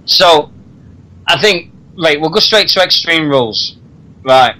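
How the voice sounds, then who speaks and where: A man's voice: on the high side, animated, slow, sharp tone, low-quality recording. A man hosting a radio talk show, chatting casually and laughing often. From Britain. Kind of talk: casual wrestling chat.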